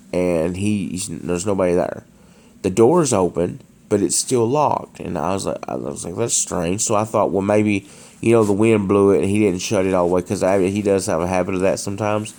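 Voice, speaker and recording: Man, deep gravelly voice, halting casual storyteller, faint background hiss. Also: darkish tone. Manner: hesitant, many restarts and fillers. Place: dark room at home.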